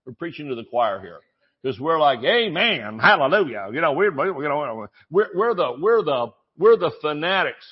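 A male pastor delivering a sermon in a loose, chatty way, stumbling over restarts and breaking into jokes. His voice sits a little higher than most men's, and the recording sounds dull and muffled. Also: animated, normal speed, breathy edge. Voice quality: conversational, joking, many restarts.

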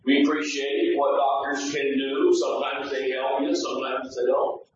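Folksy preacher in an echoey church. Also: male voice, medium pitch, completely flat delivery, normal speed, a little hiss or hum. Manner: folksy, joking, asks the congregation for responses. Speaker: pastor teaching Bible study. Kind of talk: conversational sermon. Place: church sanctuary. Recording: echoey, dull sound from a distant mic.

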